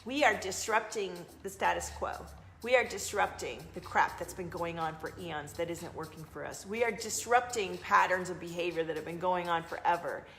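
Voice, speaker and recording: A woman's voice: on the low side, normal speed, a bit bright, soft background music. A woman with a slight Southern twang, hosting a live stream as an intuitive card reader and chatting effusively toward her phone camera. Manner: chatty and effusive, with sudden bursts of emphasis. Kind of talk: casual live-stream chat.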